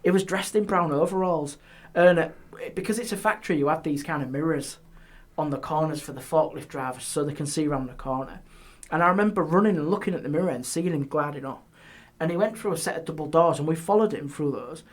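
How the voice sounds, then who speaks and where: A man, a guest on a podcast, telling ghost stories in a lively way and dropping his voice on eerie details. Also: a little high, quick pace, few pauses. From England. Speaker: guest, paranormal historian. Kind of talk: casual storytelling. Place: podcast studio.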